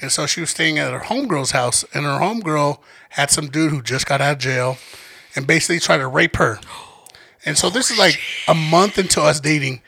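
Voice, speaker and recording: A young man in his twenties casually telling a story, animated, acting out quoted lines and swearing a lot. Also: fairly high pitch, a little fast, gravelly, slightly rough.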